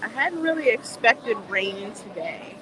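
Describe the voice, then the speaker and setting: Strolling through a theme park, a female livestream host chats away, laughs a lot and reads out comments from viewers. She has a fairly high voice with lively intonation and a measured pace, and faint outdoor sounds can be heard in the background.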